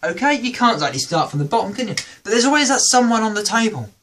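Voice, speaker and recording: Animated British man doing stand-up. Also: high-pitched, quick pace, hardly any pauses, slight background noise. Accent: British English. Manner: animated, acts out quoted voices. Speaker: comedy podcast host. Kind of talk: stand-up comedy routine.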